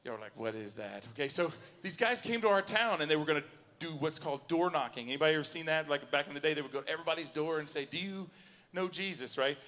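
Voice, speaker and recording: Animated stand-up comic with drawl. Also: male voice, a little high, very fast, hardly any pauses. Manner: animated storytelling, acting out both sides of conversations. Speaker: stand-up comedian. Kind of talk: stand-up comedy set. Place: university auditorium before a live audience. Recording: long hall reverb.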